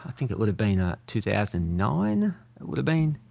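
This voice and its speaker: Low-voiced Australian man. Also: brisk, creaky, no echo. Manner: relaxed storytelling with hesitations. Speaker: guest. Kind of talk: casual interview chat.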